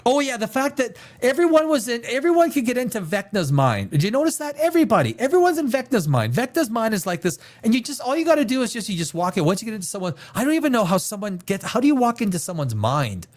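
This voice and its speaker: A man with an extremely high, sing-song voice talks fast with few pauses. He's a podcast host running a live stream show from a desk chair in a room at home, chatting casually, rambling and sarcastic, swearing now and then and mocking others in put-on voices.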